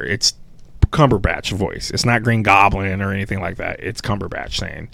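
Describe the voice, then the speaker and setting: A man co-hosting a podcast, rambling in casual, animated chat and swearing freely. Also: low-pitched, normal speed, creaky, slight background noise. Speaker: podcast co-host.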